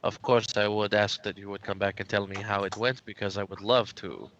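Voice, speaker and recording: A man voicing a showy male storyteller, halting with fillers before grand flattery, in tabletop role-play. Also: lowish voice, dull audio, slight background noise, pitched below the performer's own voice. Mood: grandiose. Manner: hesitant, halting with ums, then grandiose. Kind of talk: in-character tabletop dialogue.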